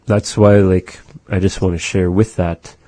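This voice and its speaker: In a relaxed language lesson, a middle-aged teacher repeats words slowly and patiently to demonstrate their pronunciation. His very low, mellow voice carries a husky edge. The recording is close-miked and dry.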